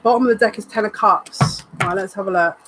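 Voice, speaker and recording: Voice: medium pitch, quick pace, fairly bright tone, faint music behind, rough recording. A psychic reader giving a live tarot card reading in an earnest, emotional way, repeating phrases and thinking aloud as they turn the cards. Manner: emotional, says they are near tears.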